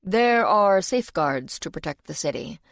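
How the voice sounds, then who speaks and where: A woman's voice: on the low side, lively intonation, moderate pace, creaky, no echo. A woman reading an audiobook voices a polite, world-weary male demon who speaks in a genial, dry tone. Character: genial ancient male demon, urbane, chain-smoking.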